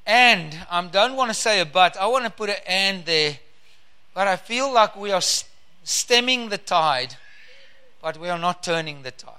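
Male preacher; high, bright voice; fervent scripture reading, stretches key words. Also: lively intonation, normal speed, clear, resonant tone.

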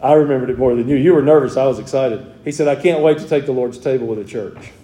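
A man's voice: medium pitch, fast talker, warm tone, reverberant. A man in his forties preaching a sermon as pastor, fervent at times and then chatting with the congregation. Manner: fervent preaching that shifts to friendly talk with the congregation. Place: church sanctuary.

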